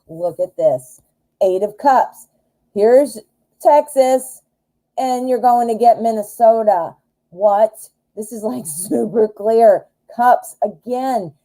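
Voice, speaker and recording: A woman hosting a live tarot stream, chatty, excitable and often giggling as she reads the cards. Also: on the high side, poor audio.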